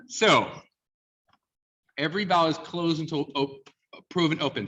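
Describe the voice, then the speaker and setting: Teaching a sung diction class, a man explains ideas and quizzes students, frequently checking in with "yeah?". His fairly high voice is expressive at a moderate pace, with crowd noise around him, and the recording is distant, dull, and lo-fi.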